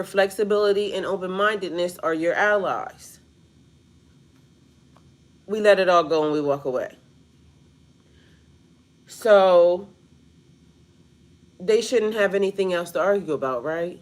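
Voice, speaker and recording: A woman's voice: on the low side, a little slow, pauses often. A woman giving a casual spiritual reading straight to her viewers, blunt and profane, filling her talk with "like" and addressing them as "y'all". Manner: blunt and profane, heavy on the word "like". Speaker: spiritual reader.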